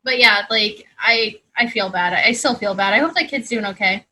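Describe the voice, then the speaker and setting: A woman's voice: mid-range voice, normal speed, bright, forceful tone, poor audio. A woman co-hosting a podcast over a video call in casual chat, blunt and swearing, laughing often. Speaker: podcast co-host.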